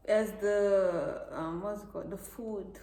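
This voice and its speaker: A woman's voice: medium pitch, slow. A young woman guest chatting casually, playful and laughing as she tells stories. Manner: animated, playful, laughs while telling stories. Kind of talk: casual chat. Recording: echoey room.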